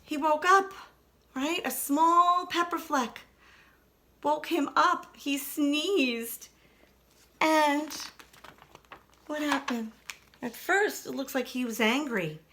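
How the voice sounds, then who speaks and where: A woman teacher reading a picture book aloud to preschoolers, expressive and asking the children questions. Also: high voice, slow pace, long pauses, slight background noise.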